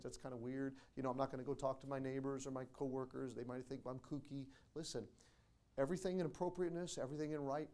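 A pastor preaching to his congregation in a church, his voice sitting at an ordinary middle pitch for a man. He talks plainly, quotes scripture slowly, and presses toward loud, emphatic climaxes. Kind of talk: sermon. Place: church sanctuary.

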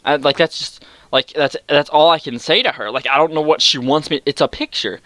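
A man's voice: a little fast, bright, forceful tone, no room sound. Exasperated young man ranting, dry sound. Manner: exasperated, sarcastic, swears a lot; jumps to high-pitched outbursts. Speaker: vlogger. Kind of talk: ranting storytime.

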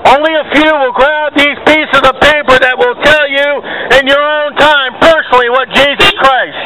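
A man preaching loudly and repetitively to passers-by at an outdoor market, straining his voice. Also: very high voice, fairly even intonation, normal speed. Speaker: street preacher. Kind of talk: open-air street sermon. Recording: outdoor street noise with traffic.

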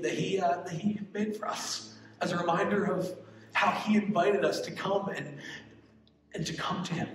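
A man leading a youth service as pastor, speaking gently and slowing down to read scripture. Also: high-pitched, slight background noise. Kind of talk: youth sermon. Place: large church hall. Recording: echoey hall, distant mic.

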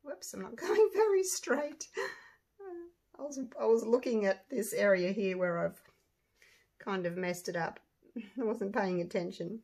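Excitable woman chatting while crafting. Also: on the high side, slow, breathy edge. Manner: excitable, gushing, talks to viewers as you guys. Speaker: resin craft vlogger. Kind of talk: casual chat while crafting.

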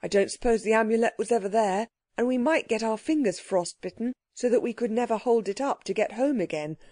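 A woman's voice: fairly high pitch, brisk, mellow, no room sound, studio quality, lightly acted. A woman voicing a boy who speaks disagreeably and hurriedly. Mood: grumpy. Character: boy Robert, disagreeable and quick.

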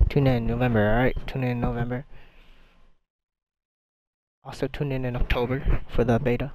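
A young man streaming a party game, hyped and yelling at the screen, trash-talking his friends. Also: mid-range voice, little pitch movement, normal speed, slight background noise. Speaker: gaming streamer. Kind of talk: excited gameplay commentary.

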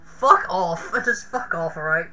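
A woman's voice: fairly low pitch, expressive, unhurried, music in the background. A young woman streamer giving casual game commentary, who swears freely and breaks into laughter often.

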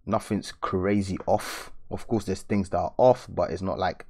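A young man chats loosely with viewers while he draws, full of slang and easy laughs. His voice sits very low, and he talks the way a host does on a relaxed live stream. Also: moderate pace. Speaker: art channel host. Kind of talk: casual live-stream chat while drawing.

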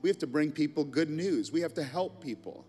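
A man's voice: a little high, expressive, brisk, dark tone, breathy edge, long reverb tail, faint music behind. A middle-aged man preaching a sermon as a pastor, telling the story in a casual, conversational way with asides.

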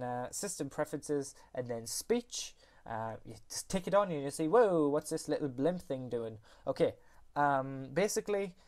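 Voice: medium pitch, a little mellow. A speaker hosting a casual computer tutorial, rambling, often correcting themselves and apologizing, on a USB computer microphone. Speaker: tutorial host. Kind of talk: casual screen-recorded tutorial.

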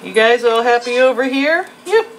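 A woman's voice: a little high, animated, normal speed, noisy background. An older woman vlogging at home, talking sweetly to her animals in baby talk. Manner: coos and baby-talks to the animals, laughs often. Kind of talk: casual vlog, talking to animals.

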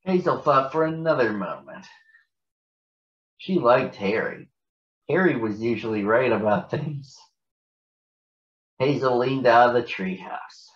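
A man reading a children's picture book aloud, unhurried, his pitch rising and falling with the story. The sound is muffled and hollow, and a big echoey arena rings around his voice. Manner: slow, deliberate reading with lively voices. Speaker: storybook reader. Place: large arena. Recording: muffled, in a large echoey space.

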